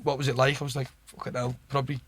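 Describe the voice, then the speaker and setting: Guesting on a podcast, this Liverpudlian spins loose, lively tales in his local accent, peppering them with "like," "you know what I mean," and profanity. He talks at a rapid-fire clip in a medium pitch, over a noisy background.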